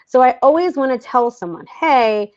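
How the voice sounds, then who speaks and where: A woman giving a casual parenting lesson, animated and laughing often, acting out children's replies in low grumbles. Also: normal speed, dull audio. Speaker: parenting educator. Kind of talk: casual teaching talk.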